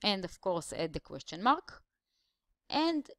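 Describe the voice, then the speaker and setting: A woman's voice: mid-range voice, big pitch swings, slow, pauses often, dry recording. A woman English teacher, patiently explaining grammar step by step in a slideshow voice-over.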